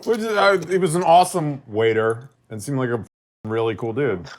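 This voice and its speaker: A young man, a guest on the show, recalling road stories in a relaxed, casual way. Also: mid-range voice, normal speed, a little hiss or hum. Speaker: guest, former assistant. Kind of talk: casual chat.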